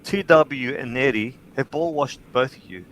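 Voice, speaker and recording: A man hosting a livestream, telling stories in casual chat, swearing freely and getting animated in bursts. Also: medium pitch, normal speed, slight background noise, poor audio. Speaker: livestream host.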